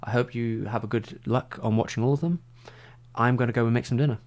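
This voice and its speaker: A man's voice: mid-range voice, fairly even intonation, quick pace, a little mellow. A man chatting casually on a livestream, rambling and saying "like" constantly. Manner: rambling, heavy use of "like".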